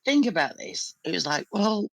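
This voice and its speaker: A woman's voice: lowish voice, sing-song, moderate pace, creaky, dry recording. A woman on a podcast panel, chatting casually, playful and hesitant as she thinks aloud.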